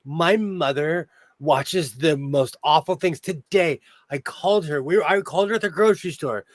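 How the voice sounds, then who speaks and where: A man's voice: on the high side, normal speed, no echo. A man with a Minnesotan-sounding accent hosting a sewing channel livestream from his home sewing room, a chatty storyteller who laughs often. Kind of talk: casual livestream chat.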